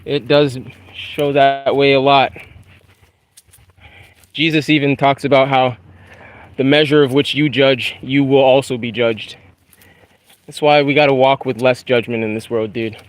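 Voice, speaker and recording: A man's voice: medium pitch, fairly even intonation, unhurried, pauses often. Laid-back young man, bro-ish outdoor talk. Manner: laid-back, slangy, says dude and bro a lot. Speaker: YouTuber. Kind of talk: casual spiritual talk while walking. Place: outdoors on a wooded trail.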